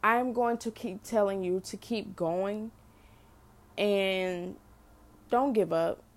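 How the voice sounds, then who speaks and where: A woman's voice: medium pitch, slow pace. A middle-aged mother sharing an unscripted faith testimony, speaking earnestly to listeners and often repeating and restarting her phrases.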